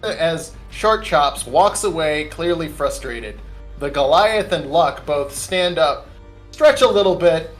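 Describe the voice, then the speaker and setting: A man's voice: a little high, lively intonation, takes it slowly, soft background music. A man as game master, narrating a tabletop game in a casual, rambling way.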